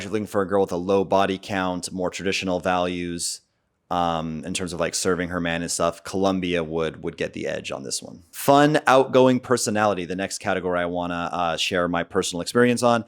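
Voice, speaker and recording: An American man ranting bluntly and off the cuff as the host of a dating vlog, opinionated and rambling. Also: low voice. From United States. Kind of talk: casual off-the-cuff vlog rant.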